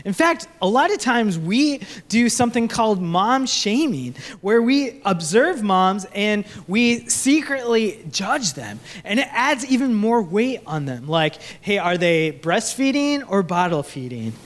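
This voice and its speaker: Here a young pastor gives a comedic sermon to his congregation from the church stage, slipping into playful voices when quoting people. His high, fairly bright voice swings widely in pitch, and he keeps a measured pace with hardly any pauses.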